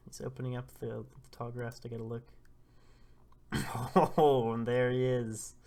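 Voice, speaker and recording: A man's voice: medium pitch, measured pace, gravelly. A man casually narrating a comic chapter live, reacting and laughing as he goes. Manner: animated, laughs often, blurts out reactions. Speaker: comic readthrough host.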